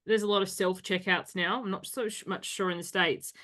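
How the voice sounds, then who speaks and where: A woman hosting a podcast in a loose, chatty way. She jumps between quick asides and often laughs as she talks, and her voice sits at an ordinary middle pitch. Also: steady tone, a bit bright. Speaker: podcast host. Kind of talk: casual conversational interview.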